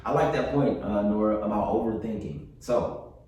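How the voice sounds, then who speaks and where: A man's voice: fairly low pitch, moderate pace, a little mellow, heavy reverb, far from the mic, faint music behind, poor audio. A man teaching students in an online class over a video call, upbeat and encouraging, repeating his phrases and talking straight to the class. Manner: repetitive, upbeat, encouraging, talks to the class directly. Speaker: yoga and mental health instructor.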